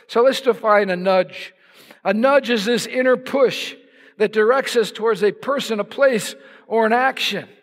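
A male pastor preaching a sermon with passion, building to shouts for emphasis. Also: sits high, unhurried. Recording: long hall reverb.

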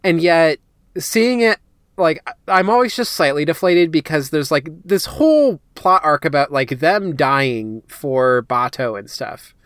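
A man chats casually as a podcast co-host, animated and thinking out loud with plenty of filler words. His voice is smooth and resonant. The sound is dry and close to the mic. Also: a little high, no room sound. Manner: animated, lots of filler words, quick asides. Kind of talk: casual chat.

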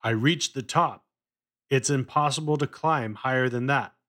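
A man voicing a boastful, gruff veteran male acrobat who growls and mocks. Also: medium pitch, unhurried, pushed and bright. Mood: gruff, mocking. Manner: growling, mocking.

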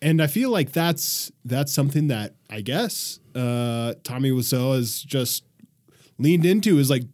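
A young man joins a casual podcast chat as co-host. He talks in a relaxed, halting way, leaning on fillers while he gathers his thoughts. His voice is mid-pitched and ordinary.

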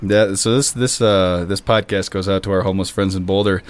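A man's voice: deep voice, fairly even intonation, clean tone. A man, a priest hosting a podcast, talking in a chatty, rambling way outdoors in the wind. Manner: chatty, quick, self-interrupting. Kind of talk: casual podcast chat.

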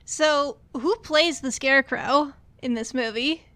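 A woman's voice: high-pitched, measured pace, bright, forceful tone, no room sound. A woman co-hosting a casual chat, asking lots of questions. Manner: inquisitive, asks lots of questions. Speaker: podcast co-host.

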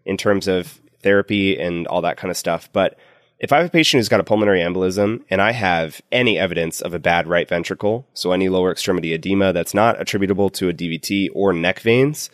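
Deep guy explaining clinical stuff on a med podcast, dry close sound. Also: fast talker, no room sound. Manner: explanatory, opinionated. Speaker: clinician co-host. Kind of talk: medical teaching podcast.

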